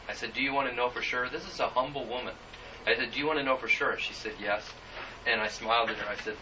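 A man preaching a sermon, reading scripture and telling a personal story in an earnest, halting way with many fillers. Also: medium pitch, noisy background. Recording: muffled, distant church recording.

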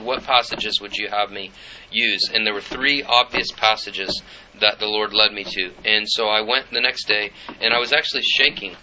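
A man's voice: on the low side, sharp tone. A middle-aged man preaching a sermon, telling a personal story and reading scripture in an earnest way. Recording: dull lo-fi with faint noise.

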